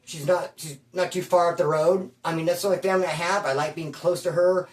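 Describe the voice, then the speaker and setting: Man, storyteller, slangy, animated, says bro and dude, roomy room, off mic. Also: on the high side, brisk, far from the mic. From Bakersfield, California. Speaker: vlogger telling prison stories. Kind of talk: casual storytelling. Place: at home, indoors.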